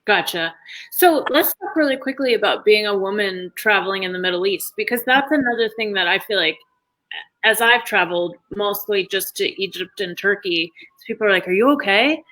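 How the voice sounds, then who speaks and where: Bright-voiced woman host. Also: mid-range voice, normal speed, poor audio. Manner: relaxed, friendly questions. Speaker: interview host. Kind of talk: casual interview chat.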